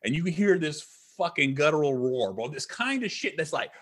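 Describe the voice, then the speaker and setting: A man's voice: a little high, sing-song, brisk, a bit bright. A man who is a podcast guest, telling a rambling, profane story in casual chat.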